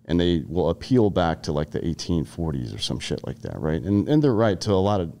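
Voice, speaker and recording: A man's voice: deep voice, sing-song, a little fast, vocal fry, dark tone. A man in his thirties from the Carolinas, a podcast guest and army veteran, talking bluntly and profanely in casual conversation, telling stories with frequent restarts.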